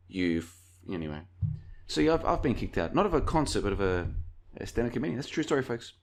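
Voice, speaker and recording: A man's voice: medium pitch, sing-song, fast, gravelly. A man hosting a casual commentary video, rambling through anecdotes and calling his viewers folks. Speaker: video host.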